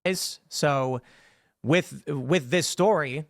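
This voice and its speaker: A man's voice: fairly high pitch, gravelly, dry recording, clean studio sound. Hesitant man explaining his show. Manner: halting, many fillers and restarts. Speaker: podcaster being interviewed. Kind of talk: explanatory statement in a played clip.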